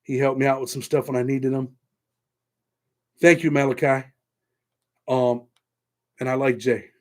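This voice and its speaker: With a level tone at a somewhat slow pace, a mid-range-voiced middle-aged man hosts a laid-back livestream, thanking viewers by name as he chats loosely. He's from New York and has a Southern-tinged American accent.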